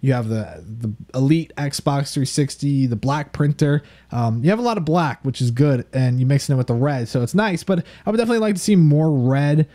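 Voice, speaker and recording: A young man hosting a show, chatting and scoring setups in a playful, animated way. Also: mid-range voice, fairly quick, few pauses. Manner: animated, playful, laughs often. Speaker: show host. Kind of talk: casual review chat.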